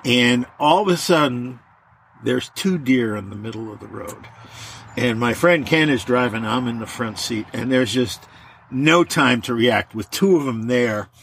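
A man telling a lively story in an interview, laughing now and then as he talks. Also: medium pitch, unhurried, creaky, slight background noise. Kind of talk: anecdotal storytelling.

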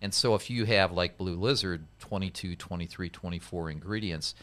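A man, a company president and CEO, guesting on a podcast and explaining in a measured, step-by-step way. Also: low-pitched, a bit bright. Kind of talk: casual interview talk.

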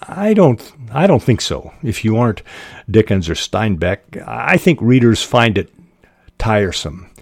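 A man hosting a fiction-writing podcast who explains craft in a measured, deliberate way, pausing often on "uh". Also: lowish voice, big pitch swings, vocal fry, no room sound, clean studio sound. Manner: measured and deliberate, with frequent "uh" pauses. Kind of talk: instructional podcast talk.

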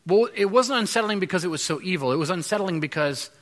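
A man's voice: sits high, expressive, fast talker, a bit bright. A man in his thirties preaching a sermon to a congregation, conversational, with frequent restarts and fillers. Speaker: pastor. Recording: long reverb of a large hall.

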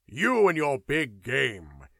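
A man reading an audiobook, voicing a loud, blustering, boastful English politician. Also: mid-range voice, huge pitch swings, moderate pace, husky, no echo, studio quality, exaggerated voice. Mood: boisterous. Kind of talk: audiobook character voice.

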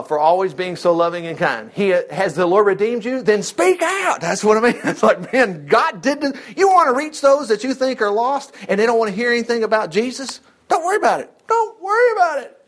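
Folksy high-voiced preacher man. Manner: folksy, animated, reads scripture aloud and acts out voices. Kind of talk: casual Bible teaching.

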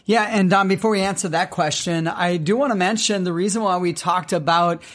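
Man, high-pitched, earnest co-host of a faith marriage podcast, reads verses slowly. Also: a bit bright.

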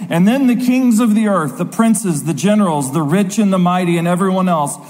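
A man preaching a sermon with a high voice. He reads scripture dramatically, leaning hard and slow on key words. His voice rings with the long reverb of a large hall. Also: a little mellow. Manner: dramatic reading with slow emphatic stresses.

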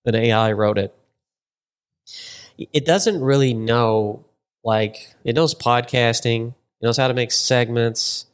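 A man's voice: medium pitch, steady tone, slow, long pauses, clear, resonant tone. Rambling jokey male podcast host. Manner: rambling, jokey, trails off mid-sentence. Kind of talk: casual chat.

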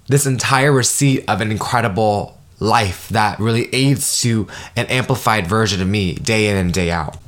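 A man in his twenties hosting a solo podcast, talking in an emotional, effusive way, swearing freely and jumping up in pitch when excited. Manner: animated, jumps higher when excited. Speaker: podcast host. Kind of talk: solo motivational podcast monologue.

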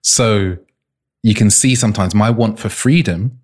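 A man's voice: on the low side, measured pace, a little mellow. A man being interviewed as an intimacy coach, telling personal stories earnestly and restarting often. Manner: earnest, searching, frequent restarts.

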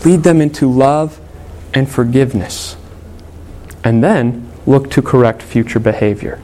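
A man's voice: medium pitch, measured pace, mellow, a little hiss or hum. Earnest man preaching a sermon. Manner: earnest, conversational storytelling with fillers. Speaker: pastor.

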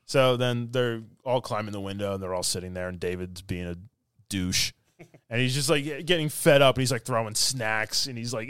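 A man's voice: mid-range voice, normal speed, fairly bright tone, clean tone, dry recording. Guy rambling thru a movie recap, says like a lot, dry close sound. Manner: rambling, fills with "like", acts out quotes. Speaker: podcast co-host. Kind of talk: casual film review chat.

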